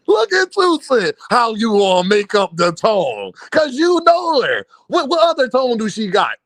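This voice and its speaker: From his home streaming setup, a Philadelphia man hosts a boxing livestream, bantering casually with chat. He's animated and profane, joking, swearing and laughing often at normal speed. His high voice swings widely in pitch, and the sound is dry and close, with no echo or room.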